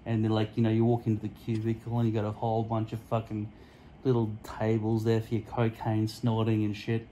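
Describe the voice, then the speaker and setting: Male vlogger, low-ish voice, crude tangent-hopping solo rant into a phone camera at home, faint noise behind. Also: completely flat delivery, fairly quick, warm tone, rough recording. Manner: profane, tangent-hopping, mock-offensive. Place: indoors at home, in front of a mirror. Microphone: phone camera stuck to a mirror.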